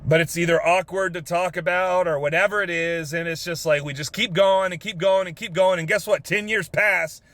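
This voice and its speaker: A man's voice: high voice, steady tone, normal speed, few pauses, fairly bright tone, dry recording. A young man from Texas with a drawl, earnestly telling an emotional story in his car, swearing casually with lots of fillers. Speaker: vlogger. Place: parked car.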